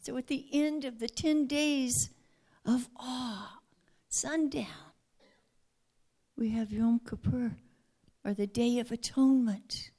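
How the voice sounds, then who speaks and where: High-voiced woman preaching in unhurried tones. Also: fairly even intonation. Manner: earnest, often dropping to a hushed near-whisper. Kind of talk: sermon.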